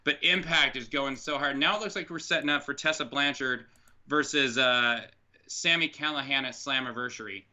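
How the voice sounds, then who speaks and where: A man rants on a podcast, his voice piercingly bright and swearing freely in exasperation. He sounds like he is on a dull, lo-fi call line. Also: mid-range voice, moderate pace. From United States. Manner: frustrated, profane ranting. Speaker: podcast co-host. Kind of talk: casual podcast chat. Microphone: online call mic.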